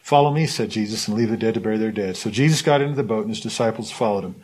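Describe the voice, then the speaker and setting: A man leading a Bible study, reading scripture aloud in a lively way and stopping to comment on it. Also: on the low side, rapid-fire, breathy edge, poor audio. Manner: animated reading, voices the quotes with asides.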